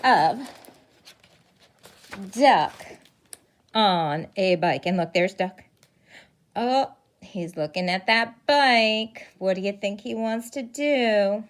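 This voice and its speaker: A preschool teacher reading a picture book aloud to young children, pausing for gasps and questions along the way. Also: female voice, on the high side. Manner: animated storytelling with gasps and questions.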